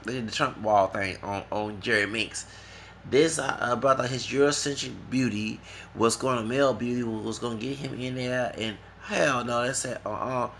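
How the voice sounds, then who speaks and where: A man from the United States rants casually to his vlog audience in a gravelly, bright-edged voice. He rambles and mocks, tagging his points with a questioning "okay?", with a faint hiss behind him. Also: medium pitch. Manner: rambling, keeps asking "okay?"; mocking, animated. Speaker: vlogger. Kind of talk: casual rant to camera.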